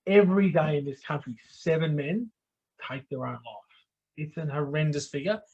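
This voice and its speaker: A man's voice: on the high side, normal speed, darkish tone, husky, muffled recording. A middle-aged Australian man hosting a live online talk show in a blokey, down-to-earth way, often checking in with "okay?". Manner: blokey, repeats "okay?" for emphasis. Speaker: host.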